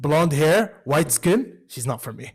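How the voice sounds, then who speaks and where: A man's voice: a little high, lively intonation, moderate pace, husky. A young man from Kuwait hosting a podcast, speaking frankly and loosely with lots of filler words. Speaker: podcast host. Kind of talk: casual podcast chat.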